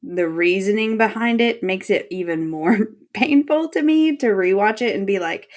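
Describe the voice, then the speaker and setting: A woman's voice: mid-range voice, lively intonation, normal speed. A woman co-hosting a casual podcast chat, animatedly retelling scenes, acting out lines, swearing freely and laughing often. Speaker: podcast co-host.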